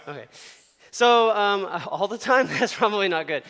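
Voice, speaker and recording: A man's voice: high-pitched, lively intonation, measured pace, sharp tone, big-room sound. A man in his thirties preaching to young people, chatty and full of laughs, with acted-out quotes in his stories. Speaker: youth pastor. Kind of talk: casual storytelling sermon.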